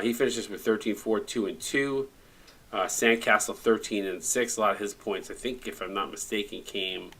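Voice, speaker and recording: A man's voice: on the low side, pushed and bright. A man commentating a streamed video game basketball game, casually rattling off player stat lines with joking asides. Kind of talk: casual play-by-play recap.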